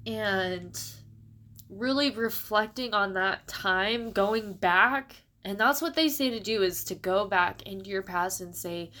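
A young adult woman in a personal, reflective monologue, speaking in a halting, emotional way and close to tears. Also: mid-range voice, pushed and bright. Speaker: vlogger.

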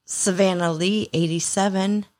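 A woman's voice: medium pitch, steady tone, measured pace, darkish tone. A woman with a Michigan accent co-hosting a podcast in casual chat, chatty and freely vulgar. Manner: chatty, swears freely, laughs easily. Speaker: podcast co-host.

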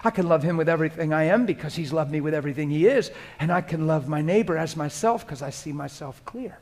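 A pastor preaching a sermon to a congregation in a room, talking straight to the people in front of him. He swings from soft, hushed prayer to loud, lively preaching. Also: fairly high pitch, quick pace. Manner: earnest, conversational preaching, addressing the room directly. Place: church hall before a congregation.

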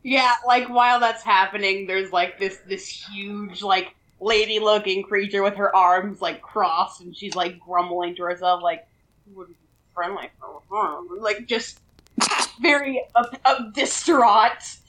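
A woman's voice: mid-range voice, unhurried, fairly bright tone, poor audio. A woman playing a tabletop game, describing her character chattily with many fillers. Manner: chatty, lots of "like". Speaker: player. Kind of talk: casual tabletop play.

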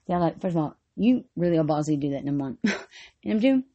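A woman hosting a casual, profane chat, laughing constantly and swinging from loud to quiet. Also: low voice, highs cut off. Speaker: podcast host.

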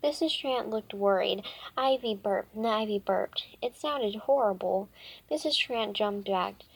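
A woman reading a children's book aloud, halting often with fillers and restarts. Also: mid-range voice, vocal fry, husky. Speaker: reader.

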